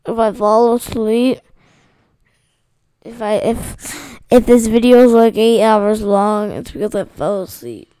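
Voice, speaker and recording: A woman's voice: a little high, slow pace, mellow, clean tone, no echo. A tired woman casually commenting on a game she is playing, rambling and sarcastic, sometimes reading the game's lines aloud. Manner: rambling, sarcastic, self-interrupting. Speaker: gameplay streamer.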